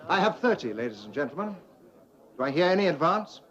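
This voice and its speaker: An actor playing an auctioneer, calling bids in a measured, formal, steady manner. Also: male voice, a little high. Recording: dull 1970s TV sound with music.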